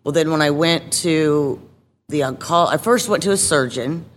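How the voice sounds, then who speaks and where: A woman guest telling her own story in a casual interview, candid and halting, with many fillers and restarts. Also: sits low, long reverb tail, a little hiss or hum.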